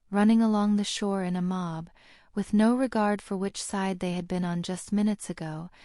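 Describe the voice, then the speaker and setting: Mellow woman narrating an audiobook. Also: mid-range voice, dry recording, studio quality. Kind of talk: scripted narration.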